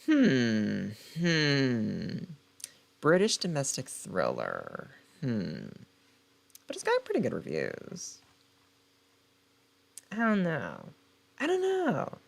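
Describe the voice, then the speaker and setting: Animated gravelly-voiced male book vlogger. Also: mid-range voice, slow pace, pauses often. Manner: animated, dramatic swings, repeats phrases. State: late-night, unfocused. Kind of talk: casual vlog, reading blurbs aloud.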